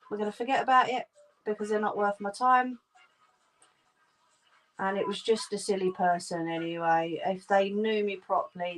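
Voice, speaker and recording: A woman's voice: medium pitch, a little hiss or hum. A woman hosting a crafting livestream from a room at home, chatting casually and reassuring her viewers. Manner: reassuring, homely, calls viewers "love". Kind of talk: casual chat while crocheting, answering viewers' comments.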